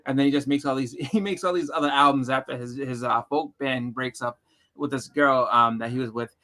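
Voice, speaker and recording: New england guy rambling thru stories, bright sound, loud impressions. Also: medium pitch, brisk. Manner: rambling, animated storyteller, bursts into loud impressions. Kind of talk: casual chat.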